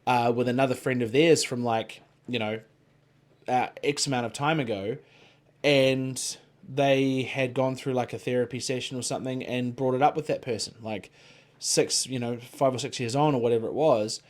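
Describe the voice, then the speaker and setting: A man talking loosely on a podcast, mid-pitched and rambling. He swears freely and leans on "like" and "you know" while he chats. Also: fairly even intonation, moderate pace. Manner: rambling, swears freely, frequent filler words. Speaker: podcast co-host. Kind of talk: casual chat.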